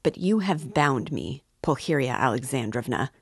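Pompous sneering gentleman suitor, woman reading him, low voice, dry. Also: expressive, normal speed, slightly rough, dry recording, heavily acted. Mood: indignant. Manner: lofty, sarcastic. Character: pompous sarcastic middle-aged male suitor.

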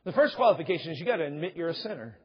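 Very animated and rapid-fire, a middle-aged pastor with a slightly rough voice delivers a conversational sermon in a church sanctuary, performing little dialogues with rising pitch. Dull audio with a long hall reverb.

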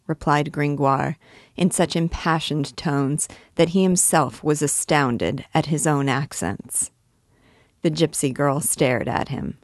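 A woman with a low voice reads a classic novel aloud in a measured, expressive way. The recording is close and dry, with no room sound. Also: no echo. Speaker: reader and guide of a book.

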